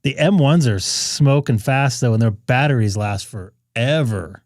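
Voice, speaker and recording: A man's voice: medium pitch, measured pace, a little mellow, no room sound, studio quality. A man hosting a ham radio live stream, chatting casually and rambling in asides to his viewers.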